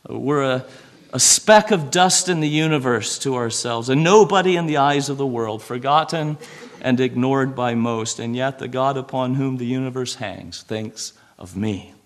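A man preaching a sermon, earnest and measured, who repeats phrases and drops to a hush on key words. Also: mid-range voice. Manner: repeats and lists phrases for emphasis.

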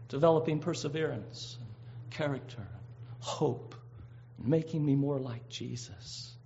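A man with a creaky, dark, mid-range voice preaches a sermon a little slowly, earnest and emphatic. He draws out key words and often restarts phrases, and the recording is dull and lo-fi.

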